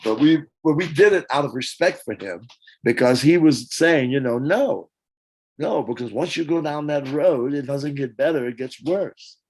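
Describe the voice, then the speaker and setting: An older man in a casual interview, telling stories with lively acted-out quotes and hummed parts. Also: on the high side, normal speed, poor audio. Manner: animated storyteller, acts out quotes and hums parts. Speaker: interview guest, former band singer.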